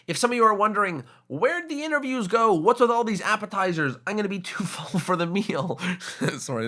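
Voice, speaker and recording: A young man hosting a solo podcast episode, talking in an upbeat, energetic, casual way with bits of slang. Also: mid-range voice. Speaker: podcast host.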